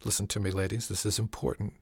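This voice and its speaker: A man voicing a weak, feverish old woman who talks in short, halting phrases in an audiobook. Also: on the low side, level tone, slightly rough, no room sound. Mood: earnest. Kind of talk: audiobook character reading.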